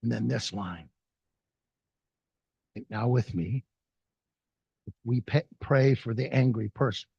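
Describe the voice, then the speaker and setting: An older man giving an animated inspirational talk, mixing jokes and stories. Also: medium pitch, slow pace, creaky, pauses often, husky, highs cut off. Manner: animated storyteller, jokes and acted quotes. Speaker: speaker.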